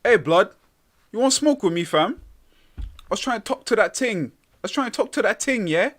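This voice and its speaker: A man's voice: sits high, animated, a little fast, fairly bright tone, voice pushed up. A man voicing a cocky young London street guy in a put-on London accent, exaggerated and full of slang. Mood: swaggering.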